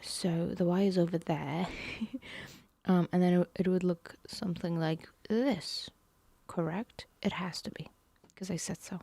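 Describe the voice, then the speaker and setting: Woman streamer, unhurried, mellow tone, dry close sound, hesitant thinking aloud. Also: on the low side, fairly even intonation, husky, dry recording. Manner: musing, hesitant, slips into whispers. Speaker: streamer learning math.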